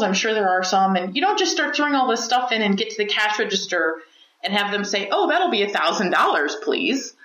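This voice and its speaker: Animated woman hosting a business podcast. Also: mid-range voice. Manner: animated and explanatory, with playful asides. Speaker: podcast host. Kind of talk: solo podcast monologue. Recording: roomy, slightly dull recording.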